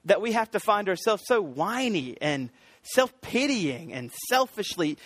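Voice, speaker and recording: A middle-aged man preaching a sermon, earnest and emphatic, building to excited peaks. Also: high voice, unhurried, dry recording. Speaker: pastor.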